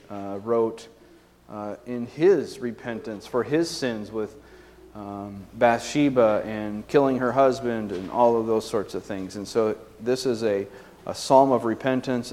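A man's voice: mid-range voice, darkish tone, long reverb tail. A man preaching a sermon as pastor, in a conversational way with frequent tag questions and fillers.

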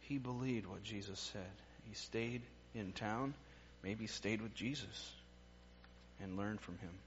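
A man preaching a sermon in an earnest way. His voice goes from emphatic lines to hushed, quiet ones. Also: fairly low pitch, slow pace, dull audio, a little hiss or hum.

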